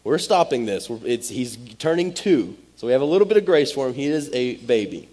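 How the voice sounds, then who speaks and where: A man's voice: medium pitch, big pitch swings, brisk, a little mellow. A man, preaching a sermon as pastor in a direct, conversational way. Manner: direct, conversational, Southern-tinged "y'all" asides.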